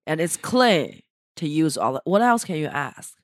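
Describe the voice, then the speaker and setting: A woman's voice: deep voice, sing-song, normal speed, no room sound, studio quality. A woman comedian co-hosting a casual podcast chat, talking earnestly with frequent restarts. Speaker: stand-up comedian and co-host.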